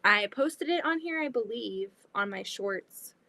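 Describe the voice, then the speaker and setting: Woman livestreaming from her sewing room, chatty, exclaims often, slightly high voice. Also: animated, measured pace, pushed and bright. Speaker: livestream host. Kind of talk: casual livestream chat while sewing.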